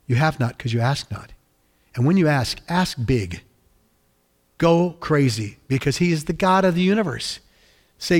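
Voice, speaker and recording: Fervent preaching man, higher voice. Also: expressive, unhurried, pauses often. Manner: fervent preaching with emphatic repetition. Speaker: pastor. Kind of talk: sermon.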